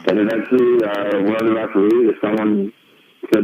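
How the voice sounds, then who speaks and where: A man telling a story as a guest in a casual interview, animated and full of fillers, acting out what others said. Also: on the low side, brisk. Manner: animated, quotes others in acted voices, many fillers. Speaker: guest wrestler. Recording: tinny phone-line sound with faint noise.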